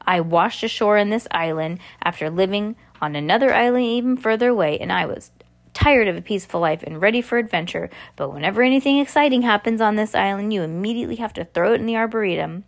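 A defiant male castaway who is bored of peace and hungry for adventure, read by a woman in her own voice. He pushes his words out quickly and plainly at a middle pitch. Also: lightly acted.

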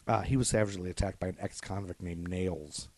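A man's voice: low voice, steady tone, fairly quick, a crowd in the background. A man co-hosting a podcast, chatting casually and rattling off lists with dry, teasing humor. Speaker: podcast co-host. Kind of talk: casual chat.

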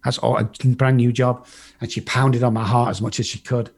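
Husky-voiced man, recovery speaker, salty storyteller who plays every part himself. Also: medium pitch, little pitch movement, moderate pace. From England. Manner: blunt and profane, acts out the voices in his story. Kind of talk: personal storytelling to a live group.

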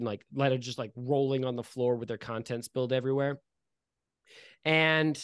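A man's voice: medium pitch, no echo, clean studio sound. A man running a tabletop game as game master, describing scenes in a casual, filler-heavy way. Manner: casual, laid-back descriptions with many fillers.

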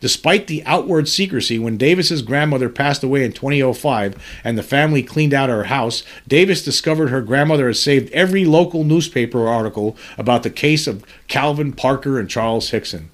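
Somber podcast host reading the news. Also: male voice, mid-range voice, brisk, few pauses. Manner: earnest, somber commentary between read passages. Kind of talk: reading news articles aloud with personal commentary.

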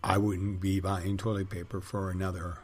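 A man's voice: low voice, level tone, moderate pace, a little mellow. A middle-aged man hosting a podcast, telling wry, crude, rambling stories in a casual monologue. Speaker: podcast host.

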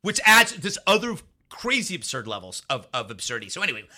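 A man as an interview guest, telling a story in an animated way, laughing often and acting out what other people said. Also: on the high side, fast. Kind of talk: storytelling anecdote in a conversational interview.

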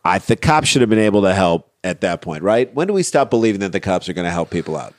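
Man, low-pitched, sarcastic podcast co-host, dry close sound. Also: big pitch swings, quick pace, no echo. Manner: sarcastic, riffs on the story, reads out quotes. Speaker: podcast co-host reading a news story. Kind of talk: casual comedic chat.

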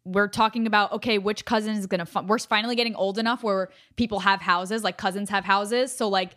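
A woman from Pennsylvania chatting as a podcast guest, quick and joking, slipping in and out of a thick New York voice. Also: medium pitch, steady tone, a bit bright. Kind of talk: casual chat.

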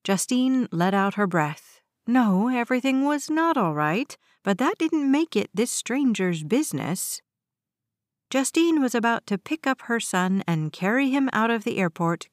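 A woman narrating an audiobook in a steady, even storytelling manner. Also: fairly high pitch, no room sound, studio quality.

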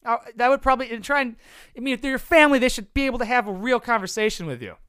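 A man's voice: very high-pitched, lively intonation, rapid-fire, a bit bright, clean tone, dry recording. A man giving casual advice to viewers in a blunt, profane, rambling way. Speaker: content creator answering viewer questions.

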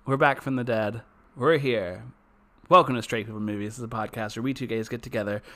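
A man's voice: mid-range voice, steady tone, a little fast, bright, forceful tone. Young male podcast co-host, playful, laughs easily, casual banter. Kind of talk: casual chat.

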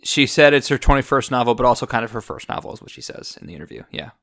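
A man in the host's chair of a film podcast, talking casually and quickly. His voice sits at an ordinary middle pitch, and he keeps things lively with asides. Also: creaky. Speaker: podcast host.

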